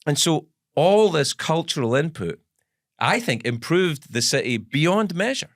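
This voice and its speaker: Scottish host, 60s, Glasgow accent, animated raconteur, dry studio close-up. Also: male voice, unhurried, no echo. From Scotland. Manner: animated storyteller, jumps pitch for emphasis. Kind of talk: casual chat.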